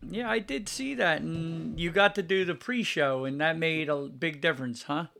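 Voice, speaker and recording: A man's voice: on the high side, normal speed, gravelly, pushed and bright, slight background noise. A man hosting a podcast in a teasing, casual chat with his co-host. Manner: jokey, teasing, sings snippets.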